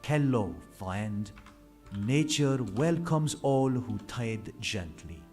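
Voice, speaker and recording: A man's voice: medium pitch, animated, slow pace, faint music behind. Man voicing Jardet, a serene French-accented priest. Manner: serene, welcoming, softly devout. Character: gentle male nature priest. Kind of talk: game character dialogue.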